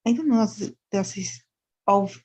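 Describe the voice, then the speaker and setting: Female learner, hesitant short replies, mellow husky tone. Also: medium pitch, measured pace. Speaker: student. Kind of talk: answering in an online English lesson.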